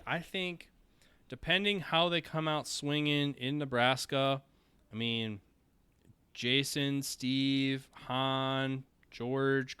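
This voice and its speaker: Bright, crisp Minnesotan man chatting. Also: mid-range voice, no echo. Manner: rambling, many ums and restarts. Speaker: podcast co-host. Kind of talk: casual podcast chat. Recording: quiet, dry close-mic audio.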